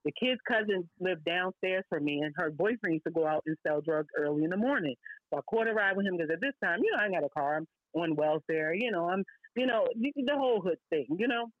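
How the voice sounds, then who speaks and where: A woman from Brooklyn, telling a personal story as a podcast guest in a lively, blunt way, full of slang and asides. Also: on the low side, fast talker, no room sound, muffled recording. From Brooklyn, New York.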